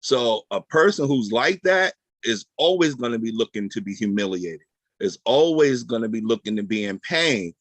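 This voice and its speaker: A man's voice: medium pitch, lively intonation, moderate pace, dry recording. A man explaining a point in a group discussion over a video call, with frequent ums.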